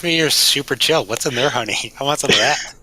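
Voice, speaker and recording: A man's voice: medium pitch, a little fast, pushed and bright, rough recording. A man playing a tabletop game, joking and laid-back. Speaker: player. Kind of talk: casual tabletop game play.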